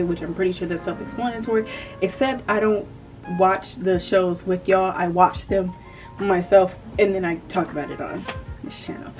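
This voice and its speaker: A woman's voice: medium pitch, darkish tone, recorded from a distance. Chatty woman with a country accent. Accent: Southern US country. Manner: chatty, rambling, self-correcting. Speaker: YouTuber. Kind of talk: casual commentary vlog. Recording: voice a bit off-mic with faint music.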